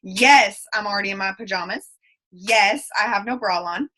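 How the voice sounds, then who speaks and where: Bright fast-talking Southern woman. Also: medium pitch. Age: 20s. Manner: fast, folksy and effusive, with Southern expressions. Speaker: guest speaker. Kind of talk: motivational team call talk. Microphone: video call.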